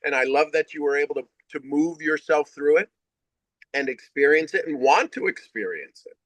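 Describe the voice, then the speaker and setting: A man's voice: fairly high pitch, moderate pace, fairly bright tone, no echo, poor audio. A man hosting a casual video call, praising a guest and laughing often. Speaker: host.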